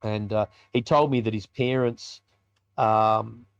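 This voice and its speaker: A man's voice: fairly low pitch, steady tone, takes it slowly, creaky, clear, resonant tone, no echo, dull audio. Australian man telling a vivid story. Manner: colloquial, vivid storyteller acting out dialogue. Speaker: podcast guest, biker ministry leader. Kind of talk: telling a personal story in a podcast interview.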